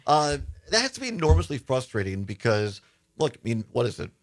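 A man's voice: mid-range voice, big pitch swings, a little fast. A man hosts a political talk radio show. He asks his guests questions in a conversational way and gets openly indignant. His voice sits in a middle register.

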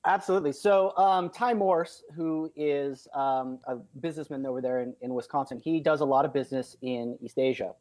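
A man as an interview guest, telling a story in an upbeat way and acting out quoted shouts. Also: mid-range voice, moderate pace, few pauses, no echo. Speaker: film producer guest.

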